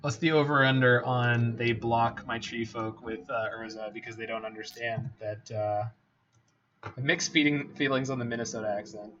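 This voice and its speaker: Man from Canada streaming a card game, mid-pitched, chatty, slightly muffled recording with faint hiss. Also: level tone, normal speed. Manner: chatty, thinks out loud, jokes. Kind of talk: casual gameplay commentary.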